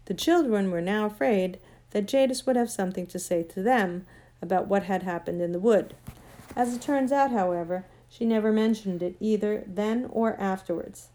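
A woman reads a children's storybook aloud as narrator, steady and gentle in her storytelling. Her voice is warm and mellow, never sharp or bright. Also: medium pitch, normal speed. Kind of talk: audiobook narration.

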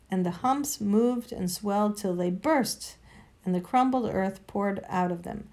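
A woman reading a children's storybook aloud, with an expressive, lively delivery. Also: medium pitch.

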